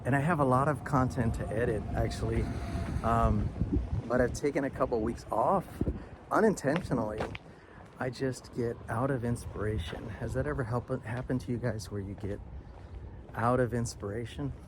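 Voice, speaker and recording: A man's voice: medium pitch, normal speed. A man chatting casually as he walks outdoors with a handheld camera, rambling with fillers. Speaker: vlogger and English teacher. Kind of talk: casual walk-and-talk vlog. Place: outdoors walking on a street. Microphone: handheld camera while walking. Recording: outdoor street noise. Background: street ambience and passing vehicles.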